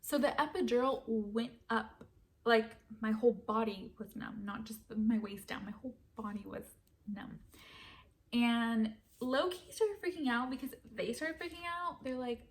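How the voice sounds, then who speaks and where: A young woman telling a personal story in a casual, animated way, dropping to a whisper when she quotes herself. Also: fairly high pitch, normal speed, a little hiss or hum. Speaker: vlogger.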